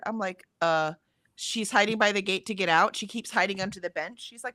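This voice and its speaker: During a casual live-stream chat, this writing-sprint co-host, a middle-aged woman, animatedly recounts a story, acting out others' lines with plenty of ums and "right?". The medium-pitched, fairly quick voice comes through in studio quality with no room sound.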